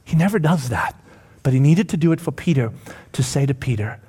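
A man preaching a sermon, acting out voices and swinging from loud passages to hushed ones. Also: fairly high pitch, lively intonation, fairly quick, breathy edge. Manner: dramatic, acts out voices, swings from loud to whispered. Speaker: pastor.

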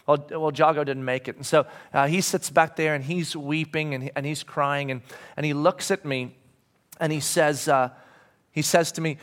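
Middle-aged male preacher, slightly high voice, conversational storyteller who restarts often and drops soft to reflect. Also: fairly even intonation, moderate pace. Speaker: pastor. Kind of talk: sermon with a personal story. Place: church sanctuary.

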